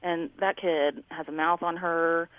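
A woman on a call tells a story with lively energy, acting out other people's lines as she goes. Her voice comes through a thin, tinny phone line. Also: on the low side, unhurried, no echo. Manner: animated, acts out neighbors' lines. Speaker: caller.

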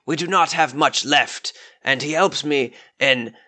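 Lord White is a fretful, courteous old nobleman, acted by a man. He speaks formally and fussily in a raised voice at an unhurried pace. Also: fairly high pitch, sharp tone. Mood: fussy. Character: polite, fretful aging male nobleman.

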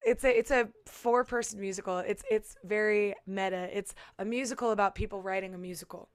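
A woman's voice: medium pitch, steady tone, brisk, dry recording, studio quality. A woman musician chatting casually, talking through her thoughts with many fillers and restarts. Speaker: musician and podcast guest. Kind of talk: casual chat. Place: San Diego.

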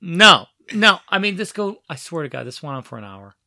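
A man telling stories about raising his child, animated and full of restarts, acting out quoted voices. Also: medium pitch, fast talker, creaky, no room sound, studio quality. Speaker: parent telling family stories. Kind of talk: casual storytelling conversation.

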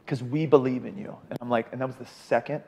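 In a large hall, a quick-talking man with a mid-range voice shares his recovery story as a podcast guest. He's from Arizona, and in this casual, animated chat he does voices for the people he quotes.

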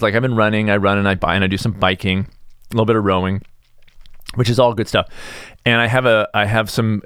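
A man's voice: on the low side, dry recording, clean studio sound. Rambling middle-aged male podcast host. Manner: rambling, self-deprecating, animated asides. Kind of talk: casual solo podcast monologue.

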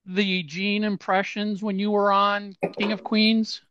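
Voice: mid-range voice, level tone, measured pace, fairly bright tone, muffled recording, slight background noise. A podcast host asking casual questions, often restarting and repeating words. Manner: hesitant, repeats words when starting questions.

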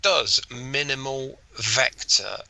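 A man with a strikingly bright, sharp voice co-hosts a laid-back podcast. He talks in an easygoing, enthusiastic way about things he bought. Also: medium pitch, slow pace, creaky, poor audio. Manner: easygoing, enthusiastic, laughs often. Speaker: podcast co-host. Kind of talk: casual chat.

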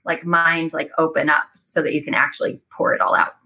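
A woman talking as a podcast guest in casual chat, telling stories in an animated way with many fillers. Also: deep voice, a little fast, breathy edge, rough recording.

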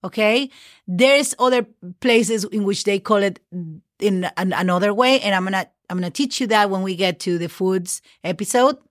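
A woman's voice: medium pitch, moderate pace, no echo, studio quality. A woman from northern Mexico, a native Spanish speaker with a Mexican accent, teaching holiday vocabulary in a casual podcast lesson and spelling words out letter by letter. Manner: spells words letter by letter, frequent okays and fillers.

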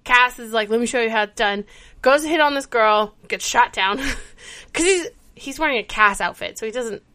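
Woman co-host, bright voice, slightly high, animated storytelling, casual chat. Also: normal speed. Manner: animated storytelling, acts out character quotes. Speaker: podcast co-host. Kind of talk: casual chat recapping a TV episode.

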